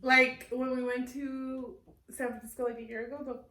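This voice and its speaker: Young woman teasing her friends, kinda high voice. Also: little pitch movement, pushed and bright. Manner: teasing, quick interjections. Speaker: friend in group chat. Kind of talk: casual chat among friends. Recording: roomy.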